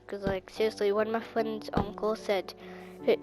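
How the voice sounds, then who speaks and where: A woman with an Irish accent giving rambling, chatty gameplay commentary that bursts into excited squeals. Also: mid-range voice, moderate pace, over music. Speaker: gaming channel host.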